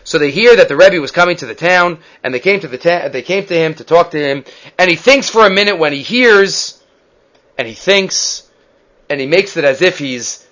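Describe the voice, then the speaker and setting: Rabbi giving a Torah class, an animated storyteller with a high, bright voice. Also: male voice, poor audio. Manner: animated storyteller, acts out voices, mixes in Hebrew terms. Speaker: rabbi teaching the weekly Torah portion.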